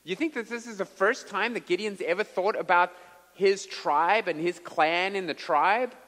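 A man preaching a sermon, telling stories with an animated delivery and sudden bursts of volume. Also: high voice, normal speed, long reverb tail. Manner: animated storyteller with dramatic volume swings. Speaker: pastor.

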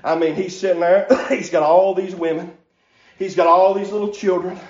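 Male preacher, very high voice, gasped rhythmic cadence, shouting revival sermon, echoey church, muffled lo-fi recording. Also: level tone, moderate pace. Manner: rhythmic gasped "hah" after phrases, rising to shouts. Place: church sanctuary. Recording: echoey church, dull lo-fi sound.

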